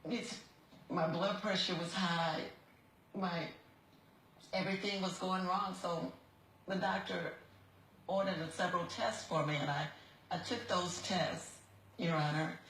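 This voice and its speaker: Sex: woman. Role: defendant on a TV court show. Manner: halting, earnest, repeats her words. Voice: bright, clear timbre. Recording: roomy courtroom with faint ambience. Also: on the low side, fairly even intonation, a little hiss or hum. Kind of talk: testimony before a judge. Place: TV courtroom studio.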